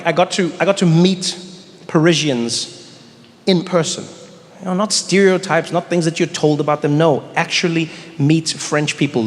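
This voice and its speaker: A male stand-up comedian telling stories on stage, animated and acting out quotes. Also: a little high. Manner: animated storytelling, acts out quotes. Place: comedy stage in a large venue. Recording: live stage with long reverb, faint audience noise.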